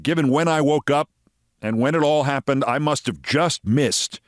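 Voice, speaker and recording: A man's voice: a little high, normal speed, no echo, studio quality. A man from New York, hosting a scripted political commentary show in a sarcastic, theatrical manner. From New York, USA.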